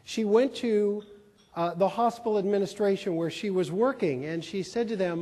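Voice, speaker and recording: Keynote speaker, man, high voice, folksy humor, reverberant hall. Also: normal speed, dark tone. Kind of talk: storytelling conference talk. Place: large conference hall.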